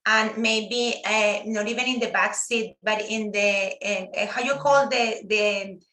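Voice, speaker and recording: A woman whose first language is Spanish, a guest teacher talking earnestly and warmly in a casual live-stream chat, often restarting her sentences. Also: medium pitch, fairly even intonation, a little slow, roomy sound, low-quality recording. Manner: earnest, heartfelt, many restarts.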